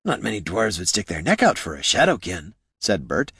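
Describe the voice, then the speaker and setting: A man doing Bert, a raspy wisecracking kobold. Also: lowish voice, sing-song, fairly bright tone, dry recording, clean studio sound, exaggerated voice. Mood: musing. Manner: rapid wisecracking street talk, defensive. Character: raspy fast-talking male kobold purse performer, touchy.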